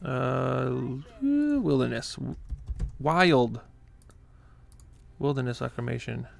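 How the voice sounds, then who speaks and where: Speaking extremely slowly in a gravelly, mid-range voice, this man commentates live on his own card game moves with great animation. He is talkative, quick to get flustered and often laughs, and he creates gaming content.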